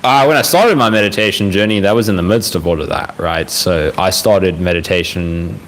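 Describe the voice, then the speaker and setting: Young male host, deep-pitched, gentle and reflective, home livestream with light fan noise. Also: rough recording. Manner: gentle, reflective, speaks in unhurried phrases with frequent fillers. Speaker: livestream host answering viewer questions. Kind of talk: casual live Q&A talk. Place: home room with a fan running. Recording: faint fan noise in the background.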